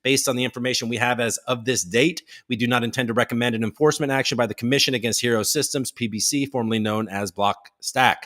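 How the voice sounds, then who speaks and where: Guy hosting a chill live news stream, reads headlines out and cracks jokes, average pitch. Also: steady tone, fast talker, few pauses, fairly bright tone. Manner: reads headlines aloud with joking asides. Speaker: host. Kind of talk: casual livestream news commentary.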